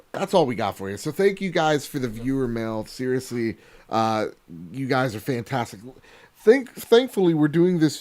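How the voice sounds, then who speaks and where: Excitable swearing man hosting a podcast. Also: medium pitch. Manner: excitable, swearing, rattling off thank-yous. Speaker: podcast host. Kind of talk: casual podcast chat. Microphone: video call.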